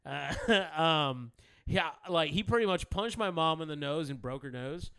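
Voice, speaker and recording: A man's voice: fairly high pitch, animated, measured pace, fairly bright tone, smooth, no echo, clean studio sound. A man telling profane stories in a casual chat, rambling, laughing often and acting out the people in them.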